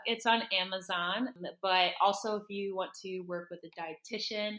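A woman's voice: mid-range voice, fairly even intonation, normal speed, few pauses, fairly bright tone. A woman guest on a podcast, a dietitian and author, telling her story in an earnest, heartfelt way with many "like" fillers. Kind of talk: casual podcast conversation. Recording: roomy echo.

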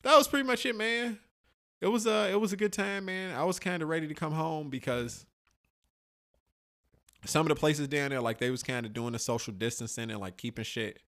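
Fairly high-pitched and fairly fast, this middle-aged man co-hosts a podcast and talks about his trip in a casual, profane way. His storytelling is animated, and he voices the quotes himself.

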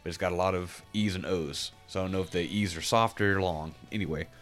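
A man with a very deep voice talks through a game in casual podcast chat. He rambles, restarts his sentences and hunts for the right words as he goes. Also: fairly even intonation, a little fast, fairly bright tone, faint music behind. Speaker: podcast co-host reviewing a game.

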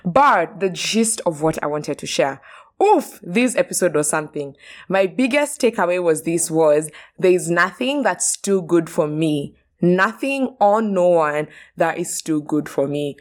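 Young woman, podcast host, bubbly chatty delivery, lowish voice. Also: a little slow. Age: young adult. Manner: bubbly and expressive, mixing in Swahili words. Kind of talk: casual chat.

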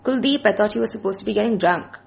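A woman's voice: medium pitch, quick pace, creaky, highs cut off. A woman voicing a sceptical coworker.

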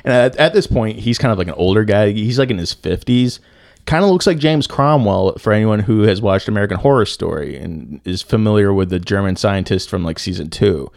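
Young male podcast host, lower-pitched, dry close sound, irreverent and swears a lot. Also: expressive, fairly quick, vocal fry, darkish tone, no room sound. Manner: joking, profane, playful, breaks into silly singing. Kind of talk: casual comedic true-crime chat.

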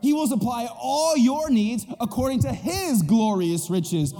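A male pastor preaching a lively, joking sermon, often checking in with the crowd. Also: very high-pitched, unhurried, long reverb tail. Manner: animated and joking, asks the crowd "right?". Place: church auditorium.

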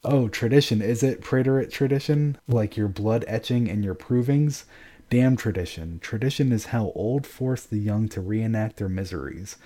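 A man's voice: fairly low pitch, moderate pace, mellow, close to an everyday voice. A man reading aloud, voicing a boisterous, volatile, drunken old emperor who bellows and mocks. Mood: mocking.

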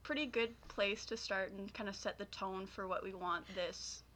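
Podcast co-host, young woman from Ontario, chatty and giggly, with a clear, bright voice. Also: mid-range voice, steady tone, normal speed. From Southwestern Ontario, Canada. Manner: chatty, giggly, many fillers. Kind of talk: casual chat.

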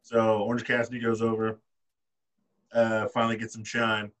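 Man, low voice, laid-back podcast co-host, sitting a little away from the mic. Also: completely flat delivery, moderate pace, a bit bright, far from the mic, muffled recording. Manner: laid-back, reasoning aloud with fillers. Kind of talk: casual chat.

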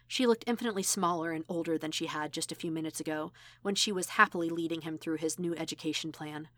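Woman narrator, measured audiobook read, low voice, dry sound. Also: a bit bright, dry recording. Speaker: audiobook reader. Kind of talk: audiobook narration of fan fiction.

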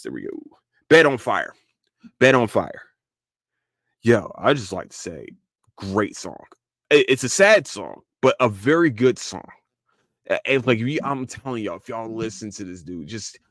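Man, podcast host, casual profane rant, stumbling restarts, mid pitch, dry close recording. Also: dry recording. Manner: animated, profane, repeats and restarts a lot.

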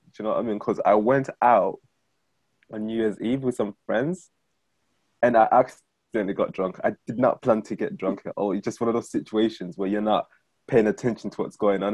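Fast-talking husky man sharing his story. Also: lowish voice, darkish tone, dry recording. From Zimbabwe. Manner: fast, chatty, often asks "do you know what I mean?". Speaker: guest, freelance director. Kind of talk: personal testimony in conversation.

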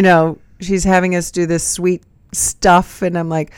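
A woman's voice: on the low side, little pitch movement, moderate pace, clean tone, no echo. A woman in her fifties co-hosting a casual podcast, chatting and laughing along as she chimes in. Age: 50s. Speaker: podcast co-host. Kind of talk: casual chat.

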